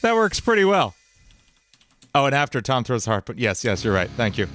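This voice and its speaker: A man's voice: medium pitch, very animated, fairly quick, a bit bright, faint music behind. Joking man streaming from his basement. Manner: jokey, laughs often, self-mocking. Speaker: musician streaming his songwriting. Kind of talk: casual livestream chat. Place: home basement studio.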